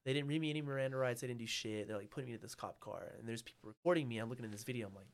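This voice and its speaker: A man, talking in a mid-range voice as a podcast guest. He tells his story with animated, profane energy and acts out the people in it. The delivery is loose and conversational. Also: mid-range voice, rapid-fire, few pauses. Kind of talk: casual storytelling chat.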